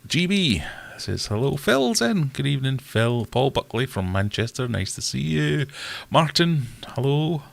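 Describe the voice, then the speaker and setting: A man's voice: mid-range voice, lively intonation, a little slow, vocal fry. A man hosting a casual live stream, chatting and greeting viewers in a self-deprecating way.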